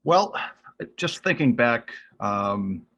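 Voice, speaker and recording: A man's voice: medium pitch, very animated, slow, fairly bright tone, muffled recording. A middle-aged man with a Boston accent, chatting on a podcast and thinking aloud with lots of ums. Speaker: podcast co-host. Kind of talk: casual chat about music.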